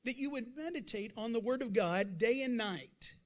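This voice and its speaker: A male pastor preaching a sermon to his congregation, emphatic with sudden loud bursts, chatty, calling out to the room. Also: very high-pitched, animated, normal speed. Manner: conversational, acts out doubters' voices.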